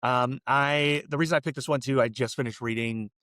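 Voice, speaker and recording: A man's voice: mid-range voice, fairly even intonation, fairly quick, a bit bright, no room sound, studio quality. A man co-hosting a casual film podcast, telling stories in a rambling, laid-back way with lots of fillers. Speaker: podcast co-host.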